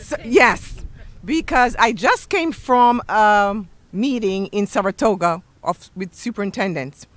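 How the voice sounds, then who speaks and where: A woman school superintendent giving a lively, joking speech to a crowd at an outdoor sports field. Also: mid-range voice, unhurried. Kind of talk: ceremony speech.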